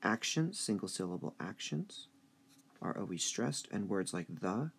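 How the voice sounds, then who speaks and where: A man teaching a high school English review lesson, speaking slowly and deliberately and drawing out stressed syllables. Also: sing-song, creaky, breathy edge.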